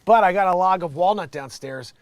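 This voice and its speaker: An American man hosting his own show rants casually and sarcastically, rambling, laughing often, and mocking people in put-on voices. His voice sits high and runs a little fast, with slight background noise.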